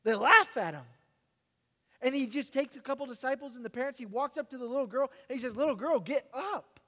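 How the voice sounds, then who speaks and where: A man, a pastor preaching a sermon, telling stories in an animated way and dropping to quiet, halting reflection. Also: very high-pitched. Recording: long hall reverb.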